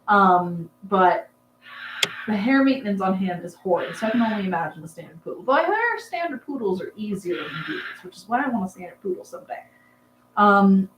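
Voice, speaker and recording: A young woman hosting a casual livestream, rambling and chatty, with plenty of "um"s and asides to her viewers. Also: medium pitch. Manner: rambling, chatty, lots of "um"s, laughs with the chat. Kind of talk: casual live chat. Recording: echoey room with faint background hum.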